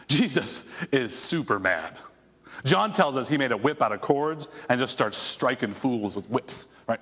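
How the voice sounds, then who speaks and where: A man's voice: mid-range voice, big pitch swings, normal speed, fairly bright tone, long reverb tail. A man preaching a conversational sermon as a pastor, asking his congregation rhetorical questions. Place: church sanctuary.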